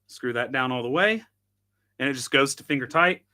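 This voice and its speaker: Chatty man demoing gear, bright voice. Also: medium pitch, moderate pace. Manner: chatty, self-deprecating, thinks aloud while tinkering. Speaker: host. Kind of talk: casual live product demo.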